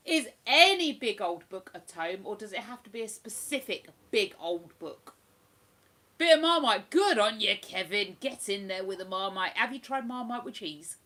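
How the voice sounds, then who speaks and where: She's a livestream host with a bright, forceful, mid-range voice, captured on a rough recording. Chatting casually, she reads viewer comments aloud and exclaims frequently, often with "ooh."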